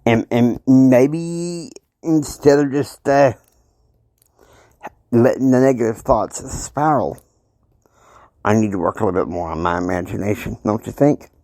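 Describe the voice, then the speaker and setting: Hosting a self-help show, a man talks casually and motivationally, rambling along and often checking in with listeners by saying "okay?". His mid-range voice is a little slow and dark in tone, with long pauses, recorded without echo.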